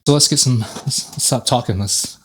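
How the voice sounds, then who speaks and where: A man's voice: medium pitch, moderate pace, slight background noise. A man talking casually to camera in a gym, chatty and rambling, often correcting himself mid-sentence as he explains his workout. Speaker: fitness YouTuber. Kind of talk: casual workout vlog talk.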